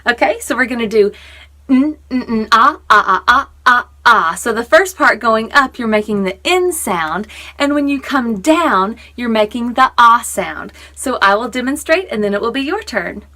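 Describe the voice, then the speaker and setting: Bright, high-voiced woman coaching vocal exercises. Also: lively intonation, moderate pace. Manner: upbeat, coaching, demonstrates sounds. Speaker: online English teacher. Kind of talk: vocal warm-up lesson.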